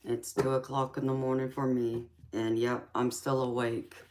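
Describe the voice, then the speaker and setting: A woman's voice: very deep voice, level tone, moderate pace, a little mellow, slight background noise. A woman hosting a live tarot stream, chatting casually and affectionately with viewers late at night. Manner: laid-back, affectionate, calls viewers honey and baby.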